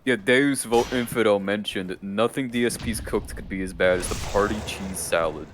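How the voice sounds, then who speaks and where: A man with a fairly low voice chats casually on a livestream. He reads viewer comments and donations aloud, laughing as he goes. A faint hiss sits under the voice. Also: normal speed. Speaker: stream co-host reading chat. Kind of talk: casual group chat.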